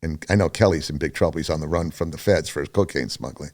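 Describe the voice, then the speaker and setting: This older man, appearing as a podcast guest, has a rumbling low voice and talks fast. He tells his story in a loose, chatty, rambling way, with plenty of fillers and restarts, and animatedly acts out other people's lines in a raised voice.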